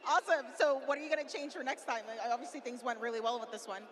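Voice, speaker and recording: A woman reporting from the competition floor, asking quick upbeat questions. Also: sits high. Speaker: field reporter. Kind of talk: on-field interview. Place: competition floor of a loud arena. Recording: reverberant arena with cheering crowd.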